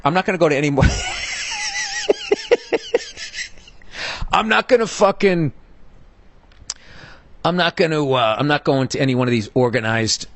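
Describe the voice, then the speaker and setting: A man's voice: a little high, fairly bright tone, no echo. Heated profane middle-aged man ranting. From United States. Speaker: podcast host. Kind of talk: comedic storytelling rant.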